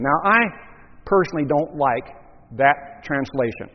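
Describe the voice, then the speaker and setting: A man preaching a teaching sermon, measured and explanatory, asking the listeners rhetorical questions. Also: a little high, lively intonation. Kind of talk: expository sermon. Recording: muffled, echoey hall recording.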